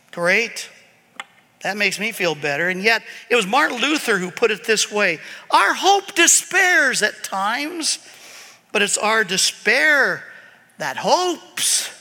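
A man with a very high, piercing bright voice preaches a sermon, animated and swinging between loud emphasis and quiet asides. His voice rings with a long hall reverb. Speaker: pastor.

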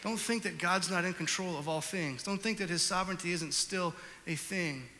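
A man preaches a sermon in a high, piercingly bright voice, carried by the long reverb of a big hall. He tells his story animatedly, jumping from loud outbursts to hushed, reflective passages. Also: normal speed, slight background noise. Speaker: pastor.

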